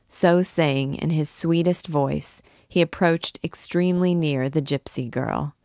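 A middle-aged woman and literature teacher reading a classic novel aloud in a measured, deliberate storytelling manner. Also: deep voice, darkish tone, no room sound, clean studio sound.

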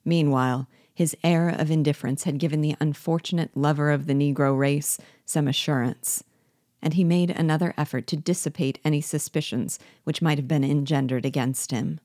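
A woman reading a classic novel aloud in a measured, steady way. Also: low voice, no room sound, clean studio sound. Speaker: book reader and guide.

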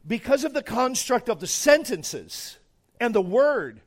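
A middle-aged man preaching a sermon as a pastor, emphatic, dropping to quiet asides and rising to loud bursts. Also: extremely high pitch, sing-song, moderate pace.

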